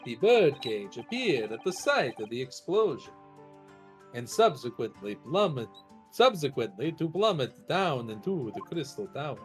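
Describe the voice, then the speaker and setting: A man voicing a composed prosecutor in a game dub, calmly explaining the events. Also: mid-range voice, measured pace, soft background music. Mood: explanatory. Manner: calm, explanatory.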